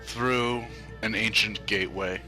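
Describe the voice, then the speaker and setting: A man narrating as dungeon master of a tabletop game, describing scenes with halting restarts and fillers. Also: fairly low pitch, steady tone, sharp tone, faint music behind.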